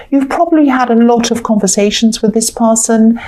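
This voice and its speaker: Female tarot reader, mellow timbre, conversational, loose and rambling with bits of acted-out dialogue. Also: fairly high pitch, moderate pace, few pauses, low-quality recording. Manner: chatty, rambling, acts out imagined dialogue. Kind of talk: casual tarot reading monologue.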